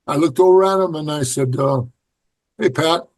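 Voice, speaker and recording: Here the former biker club member, a middle-aged man guesting on a podcast, talks at normal speed in a slightly high, a little mellow voice. His casual interview stories are blunt and profane, with quoted lines acted out.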